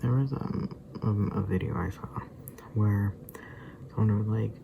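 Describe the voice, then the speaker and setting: A man's voice: fairly low pitch, measured pace, vocal fry, noisy background. A tired, sleepy man rambling casually to the camera, sometimes drifting into muttered whispers. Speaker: vlogger.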